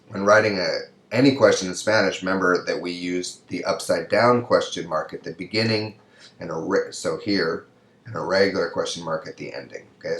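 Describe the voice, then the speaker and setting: A deep-voiced man gives a recorded Spanish lesson. He speaks slowly and carefully, and stretches out his example sentences to show the rise in pitch. The echo of the room is clear behind his voice. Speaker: Spanish lecturer. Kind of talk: recorded video lecture. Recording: echoey room.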